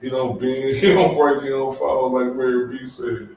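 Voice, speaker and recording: A man's voice: medium pitch, fairly even intonation, normal speed, a little mellow, a little hiss or hum. A man hosting a casual after-show chat, loose and exclamatory, laughing often. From Dallas, Texas. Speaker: show host. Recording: very echoey room, distant mic.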